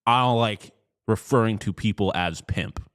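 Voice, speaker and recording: A man's voice: lowish voice, moderate pace, clear, resonant tone, no room sound. A man co-hosting a casual hockey podcast, dry and exasperated as he pushes back on the jokes. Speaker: podcast co-host.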